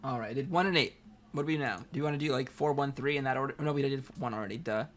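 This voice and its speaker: A man's voice: mid-range voice, rapid-fire, a bit bright. Chatty man co-hosting a read-along. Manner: laughing, chatty. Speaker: co-host. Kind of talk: casual read-along chat.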